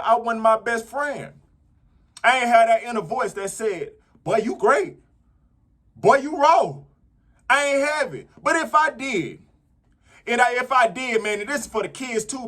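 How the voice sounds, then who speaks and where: A man with a high-pitched voice gives a casual motivational talk to camera. He talks conversationally and keeps checking in with his listeners, asking if they get what he is saying. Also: a bit bright. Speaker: motivational vlogger.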